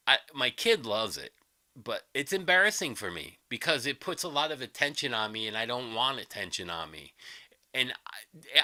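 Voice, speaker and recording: On his livestream, a man delivers an angry, combative, sarcastic rant packed with constant swearing. His bright, cutting voice leaps up and down in pitch. The recording is dry and close to the mic.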